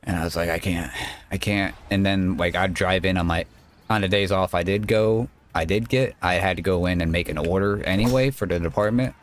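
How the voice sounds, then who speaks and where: A man's voice: deep voice, brisk, slight background noise. A male streamer telling a rambling, casual story while playing a game, quoting people and swearing now and then.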